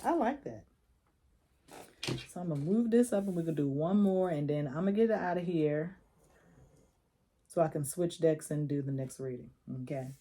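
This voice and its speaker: Chatty woman reading tarot, mellow tone. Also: lowish voice. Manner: chatty, coaching, slangy, laughs often. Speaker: tarot reader.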